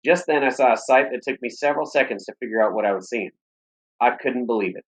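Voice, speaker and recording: A man reading a story aloud in steady, plain audiobook narration. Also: mid-range voice, fast talker, low-quality recording.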